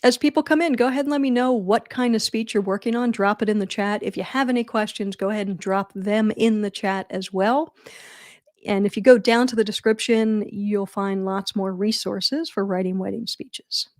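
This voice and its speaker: A middle-aged woman hosting a live advice Q&A on wedding speeches, chatty and animated, with self-deprecating jokes. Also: mid-range voice, moderate pace, dry recording, clean studio sound. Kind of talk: casual livestream advice.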